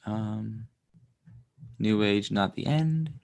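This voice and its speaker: A man's voice: on the low side, very slow, darkish tone. Man, livestream host, casual chat, rambling, chuckling, loose fillers.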